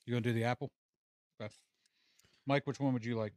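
A man's voice: mid-range voice, fairly even intonation, fast talker, a little mellow, no room sound, studio quality. A man hosting a casual podcast chat, laid-back and swearing freely. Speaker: podcast host. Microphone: studio mic.

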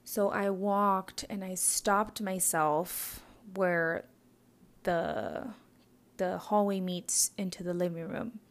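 A young woman telling a personal story in a halting way, full of fillers and often dropping into a whisper, tearful. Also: fairly low pitch, steady tone. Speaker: mother recounting a loss.

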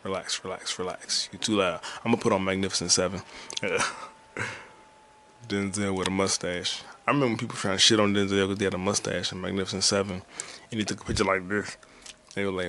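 Recording at home beside a noisy game console, a man runs a casual solo podcast, wandering from topic to topic, swearing, and laughing a lot. His voice is low and slightly bright, his delivery flat and brisk, with slight background noise.

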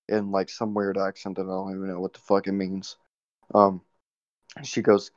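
A young man tells a long, rambling story full of swearing, relaxed and unhurried, at an ordinary pitch. The sound is dull and lo-fi and dry, as if recorded close in a small dead space. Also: dry recording. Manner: rambling, profane, laid-back. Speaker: podcast host. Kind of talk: casual storytelling.

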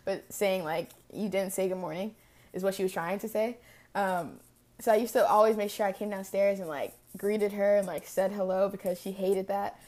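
A woman in her early twenties speaks into her own podcast, reflecting on grief in a loose, unscripted way. She fills her sentences with "like" and "um" as she thinks aloud. Her voice sits at an ordinary middle pitch for a woman. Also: fairly even intonation, normal speed, mellow. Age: early 20s. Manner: casual, reflective, frequent "like" fillers. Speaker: podcast host. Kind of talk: personal storytelling monologue.

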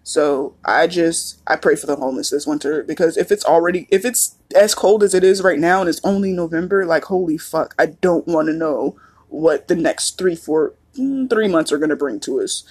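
A woman's voice: low-pitched, lively intonation, normal speed, darkish tone, husky. A woman in her thirties hosting a podcast, talking in a candid, profane, casual monologue and laughing often. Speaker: podcast host.

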